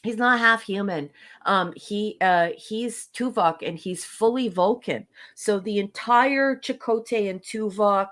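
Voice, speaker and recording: A woman's voice: medium pitch, measured pace, fairly bright tone. A woman on a casual podcast, reviewing episodes in an exasperated, sarcastic rant.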